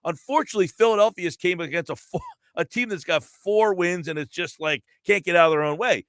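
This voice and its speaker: A male sports radio host talking through the standings out loud in an animated way. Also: high voice, a little fast, dry recording, studio quality. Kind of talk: live sports talk radio.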